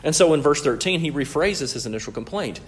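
A man's voice: on the high side, lively intonation, quick pace, a little hiss or hum. A man preaching a sermon in an earnest, teaching way, often checking in with his listeners. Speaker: pastor.

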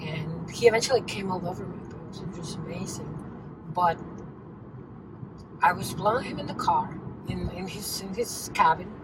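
A woman's voice: lowish voice, moderate pace. A woman hosting her own show, telling a personal story in a loose, chatty way from inside a car, full of "like" and restarts. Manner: chatty, rambling, heavy use of "like" and restarts. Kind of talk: casual storytelling monologue. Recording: distant mic with noisy car background.

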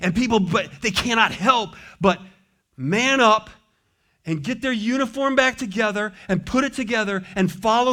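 A pastor preaching a sermon with passion, swinging from loud exhortation to soft, low asides. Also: male voice. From United States.

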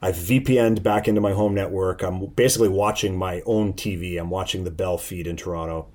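A man telling a story in casual chat, animated, swearing and laughing often. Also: low-pitched, fairly quick.

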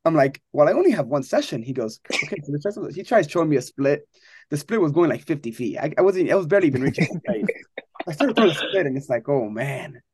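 A young man talks quickly through a pitching story and gets animated as he quotes the people in it. The recording is close and dry, with no room around him. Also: breathy edge, dry recording. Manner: animated storyteller, acts out quotes, laughs often. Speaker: college baseball pitcher. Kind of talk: casual interview chat.

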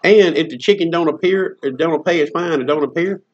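A man's voice: fairly high pitch, brisk. A man in casual comedic chat, rambling through jokey stories with Southern slang. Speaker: co-host. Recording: dull lo-fi recording.

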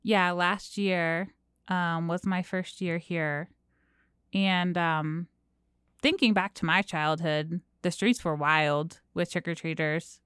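Young woman from New Jersey, smooth clear voice, slightly low, chatty podcast co-host. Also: steady tone, takes it slowly, a bit bright, no echo, clean studio sound. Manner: chatty, with frequent "um" and light laughs. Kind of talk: casual chat.

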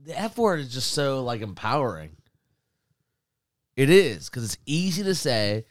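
A man in casual conversation, his pitch swinging widely as he riffs and laughs with friends. The sound is close and dry, with no room around it. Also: dry recording. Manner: animated, laughs often, drawn-out "like" fillers. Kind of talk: casual chat.

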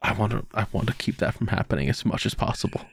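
A man's voice: on the low side, quick pace, vocal fry, slightly rough, no room sound. A man co-hosting a podcast, telling a work story in casual chat and acting out the quotes. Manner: animated storytelling with voiced quotes. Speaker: podcast co-host.

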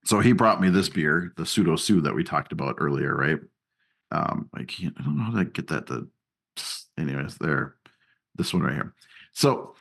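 Low-voiced guy cohosting a fishing podcast, swoops up high when he gets worked up. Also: normal speed, gravelly, husky. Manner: animated storyteller, voice jumps up when worked up. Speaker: podcast co-host. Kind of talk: casual podcast chat.

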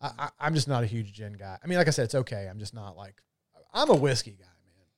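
A man's voice: mid-range voice, expressive, fast talker, no room sound, studio quality. Rambling, profane man in casual chat. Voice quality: loose, profane, rambling delivery.

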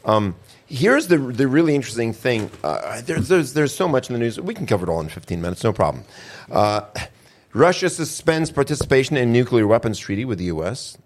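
A man's voice: mid-range voice, big pitch swings, a little fast. A man hosting a casual news talk show, rambling and restarting his words. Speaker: show host.

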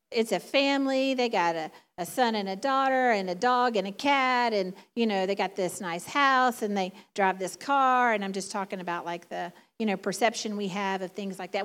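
A woman with a Southern drawl giving a casual, chatty sermon to a congregation, laughing often and talking with many fillers. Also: mid-range voice. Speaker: church speaker. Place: church sanctuary before a congregation.

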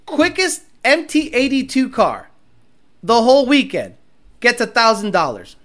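A man's voice: very high-pitched, very animated, a little slow, a bit bright. Blunt, profane man ranting on a livestream. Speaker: livestream host reading chat. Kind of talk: casual livestream rant.

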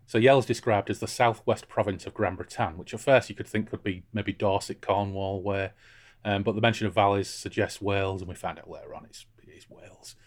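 A man hosting a casual book discussion podcast, irreverent and jokey. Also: on the low side. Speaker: podcast host.

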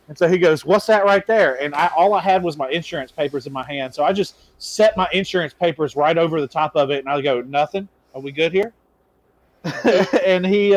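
A young man tells a story on a casual podcast. His voice sits a little high for a man, and his telling is animated, profane and self-mocking. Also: dry recording. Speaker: podcast co-host.

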